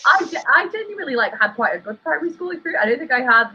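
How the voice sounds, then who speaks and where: A woman on a comedy panel telling a story in a hesitant, halting way. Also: high-pitched, sing-song, sharp tone. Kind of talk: casual anecdote telling. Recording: muffled lo-fi line.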